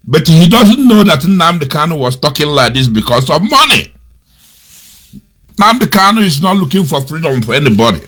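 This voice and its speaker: A man's voice: fairly high pitch, fairly bright tone. A middle-aged man from Nigeria giving critical commentary in an emphatic, repetitive manner, full of rhetorical questions. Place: lives in America.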